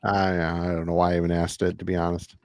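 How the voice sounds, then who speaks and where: A man's voice: deep voice, completely flat delivery, quick pace, darkish tone, no room sound. A man co-hosting a casual podcast, teasing his friends in profane slang. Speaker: podcast co-host.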